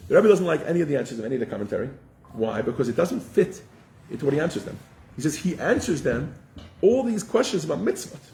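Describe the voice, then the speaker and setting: A man's voice: fairly high pitch, quick pace, creaky, a little hiss or hum. A man giving a casual religious class, telling stories with lots of restarts. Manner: animated storyteller, frequent restarts. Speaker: teacher. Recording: roomy echo.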